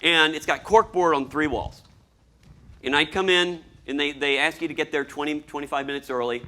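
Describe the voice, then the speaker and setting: A man giving a lively talk to an audience as a storyboard artist, acting out scenes as he explains them. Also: a little high, moderate pace. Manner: animated, acts out scenes and voices.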